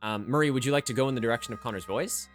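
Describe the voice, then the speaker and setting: A man narrating a live tabletop game as game master, filling pauses with many ums. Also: mid-range voice, faint music behind.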